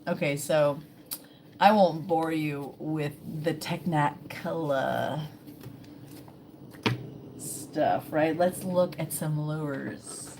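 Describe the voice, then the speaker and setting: Slow, low-voiced chatty woman. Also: steady tone, noisy background. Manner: chatty, reads aloud and jokes along. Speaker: vlogger, live-stream host. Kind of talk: casual live-stream chat.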